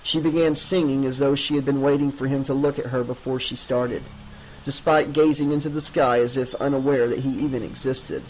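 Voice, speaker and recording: A man narrating a horror novel as an audiobook in a measured, dramatic reading. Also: medium pitch, fairly even intonation, a little hiss or hum, poor audio.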